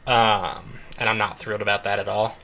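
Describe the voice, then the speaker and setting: Rambling young man with bright tone. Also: fairly low pitch, little pitch movement, normal speed, gravelly. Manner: rambling, full of "like" and "um". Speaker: let's play host. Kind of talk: casual chat while gaming.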